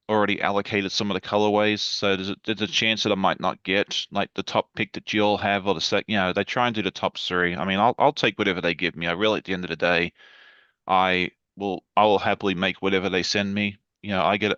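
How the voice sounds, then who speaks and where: Bright-voiced man on a lo-fi call. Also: low voice, clean tone, no room sound. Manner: enthusiastic, rambling with fillers. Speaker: guest. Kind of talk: casual livestream chat.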